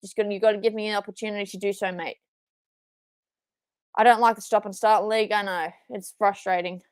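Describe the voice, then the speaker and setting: A young woman hosting a live watchalong, reacting excitedly, swearing and yelling at the screen, then repeating her frustration. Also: mid-range voice, brisk, clear, resonant tone, no room sound. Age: young adult. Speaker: watchalong streamer.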